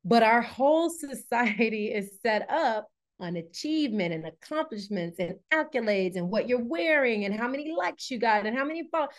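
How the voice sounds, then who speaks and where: A woman wellness coach talking candidly as a podcast guest, animated and laughing often. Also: a little high, moderate pace, hardly any pauses. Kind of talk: conversational interview.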